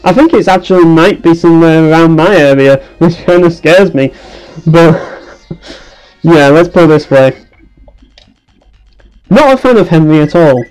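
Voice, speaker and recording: A young man with a fairly high, expressive voice rants sarcastically and swears heavily as a let's play commentator giving casual commentary on a game. He speaks at a measured pace with long pauses, and his smooth tone leans dark. Soft music plays in the background of this rough recording.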